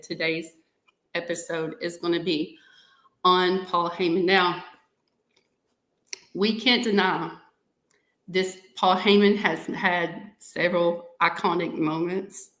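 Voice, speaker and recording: A woman's voice: lowish voice, slow pace, echoey room. A woman hosting a podcast, talking casually to viewers and often saying "y'all". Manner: chatty, warm toward viewers, says "y'all" often. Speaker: podcast host. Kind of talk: casual live-stream talk to viewers.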